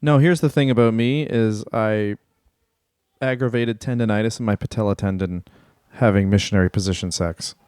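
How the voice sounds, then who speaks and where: A man's voice: fairly low pitch, normal speed, darkish tone, smooth, no room sound. Male comedy co-host, crude joker who laughs a lot, dry close mic. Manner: crude jokes, hammy impressions, laughs often. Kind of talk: casual comedic banter.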